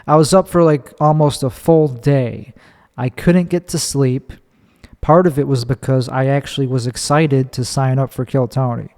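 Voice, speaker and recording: A man's voice: medium pitch, steady tone, moderate pace, dark tone. A man in his thirties from Chicago, a stand-up comedian hosting his own podcast, telling a story in a rambling, candid way with restarts and swearing. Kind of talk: casual solo storytelling. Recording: long hall reverb.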